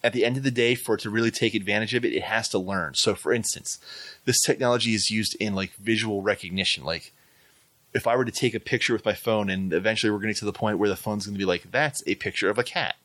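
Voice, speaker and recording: A man's voice: lowish voice, steady tone, quick pace, fairly bright tone, no room sound. A man hosting a tech segment, explaining in casual chat with lots of fillers and restarts. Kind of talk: casual radio-style chat.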